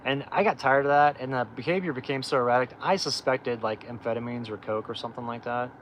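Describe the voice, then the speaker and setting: A man's voice: medium pitch, steady tone, fast talker, lo-fi sound, slight background noise. A middle-aged man hosting a livestream, telling his life story in a candid, rambling way with lots of fillers and restarts. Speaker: off-grid channel host.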